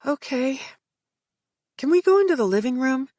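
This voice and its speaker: A woman's voice: high-pitched, lively intonation, moderate pace, a little mellow, no echo, pitched above the performer's own voice. A sleepy teenage girl in an audiobook who answers in short, terse bursts, as a woman narrator puts her on. Her voice sits well above the narrator's own and sounds dry and close. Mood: drowsy, guarded. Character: teenage girl, drowsy and guarded.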